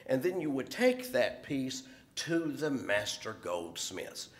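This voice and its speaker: A man's voice: mid-range voice, sing-song, slow. A middle-aged man gives a talk on a conference panel. He explains his points as a professor would in a lecture, in a mid-range voice.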